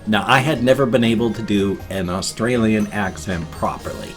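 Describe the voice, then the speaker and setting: A man's voice: lowish voice, moderate pace, faint music behind. Tired man in his fifties rambling on. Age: 50s. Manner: rambling, explains at length with restarts. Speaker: vlogger. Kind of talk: casual rambling vlog talk.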